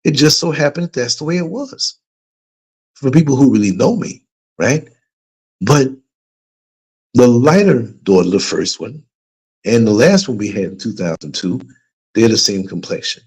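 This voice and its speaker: A middle-aged man tells a story to his livestream audience in a loose, casual way. His pitch moves a lot as he goes, and his tone carries a light huskiness. When he quotes other people, he lifts his voice higher. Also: lively intonation, moderate pace, long pauses, slightly rough. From United States. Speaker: livestream host. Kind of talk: casual storytelling to a live chat.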